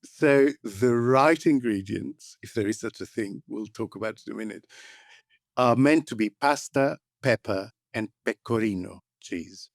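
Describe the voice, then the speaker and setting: A man's voice: medium pitch, unhurried, gravelly, no room sound. A man co-hosting a podcast, chatting through the news in a wry, thoughtful way on a close mic. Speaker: podcast co-host. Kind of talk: casual news chat.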